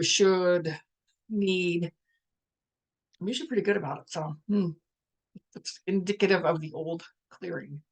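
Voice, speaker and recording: A middle-aged woman hosting a live spiritual talk, speaking in a reflective, musing way with many restarts and pauses, and now and then putting on the voices of family members. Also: lowish voice. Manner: quotes family conversations in lively voices. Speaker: spiritual empath host.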